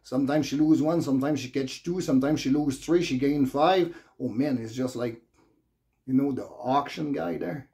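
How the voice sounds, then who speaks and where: A man's voice: medium pitch, moderate pace, vocal fry, warm tone. Rambling Quebec French-accented man. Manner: rambling, swears freely, loose non-native grammar. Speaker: vlogger. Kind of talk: casual rant to camera.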